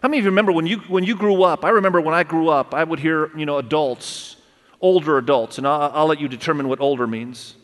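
Middle-aged male pastor, sermon, fairly high voice, long hall reverb, animated, addresses the room. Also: fast. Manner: animated, talks straight to the congregation with questions. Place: church auditorium.

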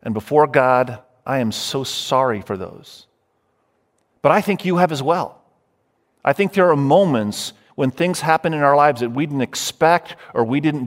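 A man preaching a sermon as pastor, emphatic, running through lists and speaking straight to his listeners. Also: mid-range voice. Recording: long hall reverb.

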